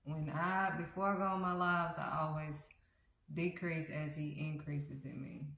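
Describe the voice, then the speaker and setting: A woman's voice: low voice, fairly even intonation, unhurried, creaky, a bit bright, slight background noise. A woman hosting a faith livestream, preaching in an earnest, conversational, repetitive way. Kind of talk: casual devotional preaching. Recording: roomy echo.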